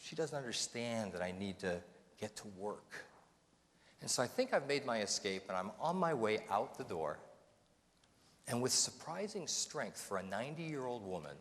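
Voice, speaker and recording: Animated male motivational speaker. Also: medium pitch, moderate pace. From North America. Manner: animated, self-mocking storyteller. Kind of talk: humorous storytelling speech. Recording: reverberant hall, faint noise.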